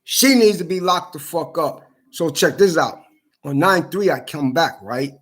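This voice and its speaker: A man's voice: a little high, animated, unhurried. A man in an angry, heated rant to camera, swearing a lot and repeating himself. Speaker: vlogger.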